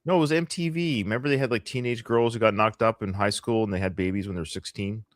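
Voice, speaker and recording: A man's voice: lowish voice, fast talker, no echo, clean studio sound. A middle-aged Canadian man co-hosting a live podcast, chatting casually with a joking, rambling, sarcastic manner. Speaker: podcast co-host.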